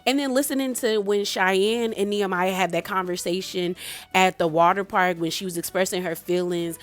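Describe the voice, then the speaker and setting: Animated woman recapping reality TV. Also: lowish voice. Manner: animated, laughs often, acts out quotes. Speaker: reality TV reviewer. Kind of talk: casual recap and commentary.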